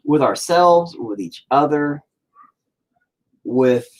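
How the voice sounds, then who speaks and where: Profane, animated American guy ranting. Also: fairly high pitch, slow pace. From United States. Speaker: channel host. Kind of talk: casual ranting while painting.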